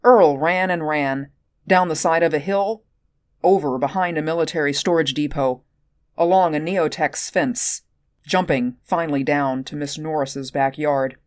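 A woman narrating an audiobook at a measured, steady pace. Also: low voice, no echo, studio quality.

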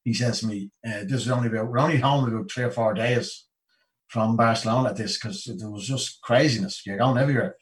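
An Irish man in his fifties, a guest telling a lively story in a casual way and acting out the people he quotes. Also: mid-range voice, brisk, distant mic, low-quality recording. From Ireland. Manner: lively anecdote-telling, acts out the people he quotes, many "you know"s.

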